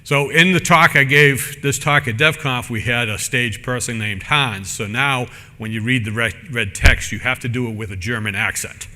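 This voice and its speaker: A man's voice: medium pitch, moderate pace, few pauses, sharp tone, big-room sound. A man giving a technical conference talk in a casual, rambling way, full of fillers and restarts. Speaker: conference speaker. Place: conference room.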